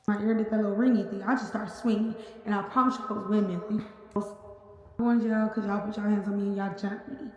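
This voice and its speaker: A woman recounting a story to her viewers in a quick, chatty way. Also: mid-range voice, steady tone, darkish tone, lo-fi sound. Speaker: YouTuber. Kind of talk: casual storytime vlog. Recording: echoey room with long reverb.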